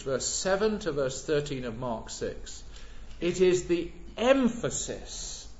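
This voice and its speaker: Slow, emphatic preacher in echoey church. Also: male voice, mid-range voice, a little mellow. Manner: measured, emphatic, stresses repeated words. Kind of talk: sermon. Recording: echoey church, dull lo-fi sound.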